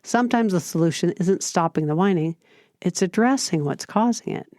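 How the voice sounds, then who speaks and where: A woman hosting a parenting podcast, giving scripted advice in a calm, steady, explanatory way. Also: fairly low pitch, moderate pace, no room sound, studio quality. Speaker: podcast host.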